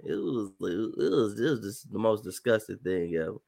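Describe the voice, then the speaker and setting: A man hosting a casual podcast chat, telling animated stories and slipping into exaggerated voices. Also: lowish voice, moderate pace, gravelly. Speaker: podcast host.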